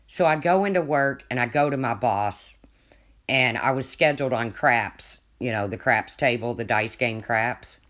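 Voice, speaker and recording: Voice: medium pitch, unhurried, fairly bright tone. Rambling chatty livestreamer telling stories. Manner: chatty, rambling, restarts often, laughs at own stories. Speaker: livestreamer answering chat. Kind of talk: casual rambling storytelling.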